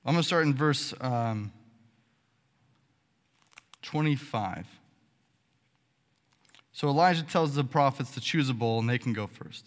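A man preaching a sermon as pastor, animated and sarcastic, checking in with the congregation with frequent "okay?" asides. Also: mid-range voice, measured pace, pauses often. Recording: long hall reverb.

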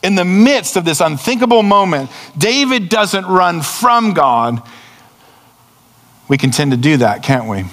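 A man preaching a sermon in an earnest way, slowing down and dropping low to stress key words. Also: big pitch swings, fairly bright tone, long reverb tail. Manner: earnest, slows down and drops low for emphasis. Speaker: pastor.

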